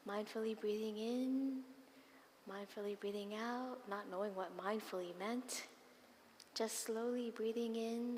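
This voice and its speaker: A woman nun gives a dharma talk in a monastery hall, her voice trailing off in a long reverb. She tells personal stories expressively and drops into soft, breathy asides, with a faint hum of room ambience behind her. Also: mid-range voice. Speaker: Buddhist nun and dharma teacher.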